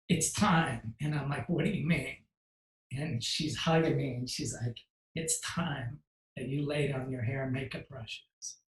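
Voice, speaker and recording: A man's voice: medium pitch, roomy sound, rough recording. A man from the United States telling a long personal story with animation, acting out other people's lines and whispering his inner thoughts, with many "like" fillers. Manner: acts out quotes, drops to a hush for inner thoughts; many "like" fillers, fast and emotional.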